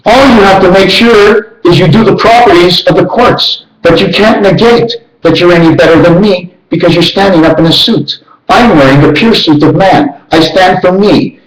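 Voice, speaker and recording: The audio is poor and reverberant as a man chants letters and numbers in a rhythmic, rambling monologue. He skips between ideas, and his pitch jumps without warning.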